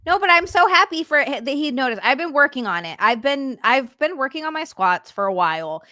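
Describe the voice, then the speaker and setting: Woman on a podcast call, blunt and upbeat, laughs a lot, kinda high voice. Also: animated, a little fast, bright, forceful tone, dry recording, clean studio sound. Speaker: podcast guest. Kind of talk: casual chat. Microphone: video call.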